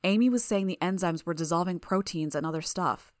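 A woman narrating a first-person fiction audiobook in a steady, even way. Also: on the low side, brisk, no echo, clean studio sound.

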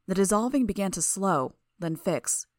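A woman narrating a first-person fiction audiobook in a steady, even way. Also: medium pitch, normal speed, no room sound, clean studio sound.

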